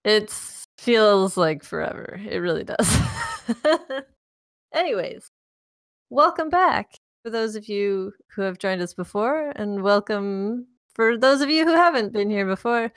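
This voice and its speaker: A woman hosting and narrating a tabletop role-playing game as dungeon master, relaxed and laughing, with many ums and uhs. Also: medium pitch, measured pace, dry recording, clean studio sound.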